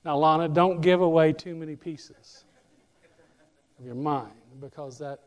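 A male pastor preaching a sermon in a church, animated and speaking directly to members of the congregation by name. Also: a little high, a little slow, in a large hall.

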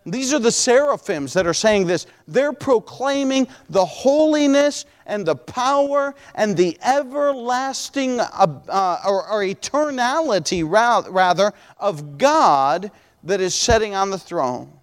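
A man's voice: high voice, animated, a little slow, smooth, long reverb tail. A man in his forties preaching a sermon as pastor, emphatic and repeating himself for stress. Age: 40s.

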